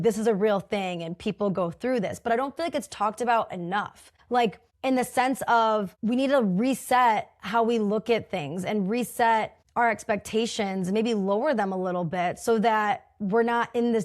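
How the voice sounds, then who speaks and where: A young adult woman talking casually on her own podcast, chatty and full of "like", acting out her own inner voice. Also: mid-range voice. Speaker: podcast host. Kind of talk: casual solo podcast talk.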